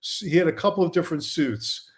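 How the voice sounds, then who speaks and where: Man from Brooklyn, film director guest, highish voice, animated storyteller. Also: fast. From Brooklyn, New York. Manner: animated anecdotes, quotes himself and others. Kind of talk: casual storytelling.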